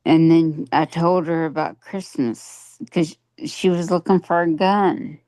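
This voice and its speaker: A woman's voice: low-pitched, fairly even intonation, takes it slowly, warm tone, no room sound. A woman telling a personal story in a coaching session, earnest and plain-spoken, acting out what people said. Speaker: coaching client.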